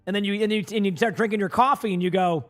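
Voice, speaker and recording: With faint music behind him, a high-pitched man with a fairly bright tone rambles casually to his live-stream chat. He's from Massachusetts but lacks a regional accent, and he uses lots of filler words while answering viewers quickly.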